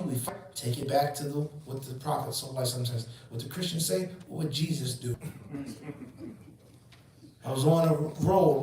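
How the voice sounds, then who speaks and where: Man, forties, religious teacher, emphatic, rhetorical questions, fairly high voice, very echoey room, distant mic. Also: slight background noise. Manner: asks rhetorical questions and answers them; emphatic and preachy. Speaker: Islamic teacher. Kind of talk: lecture.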